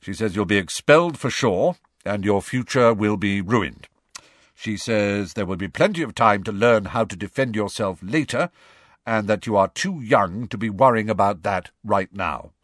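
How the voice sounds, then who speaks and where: A brisk, frank adult wizard with a wry, impatient streak, as a man reads him in an audiobook. The voice sits low but swings widely in pitch. It is recorded dry and close. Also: expressive, no echo. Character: adult male wizard, wry, bold, fond godfather. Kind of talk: audiobook character voice.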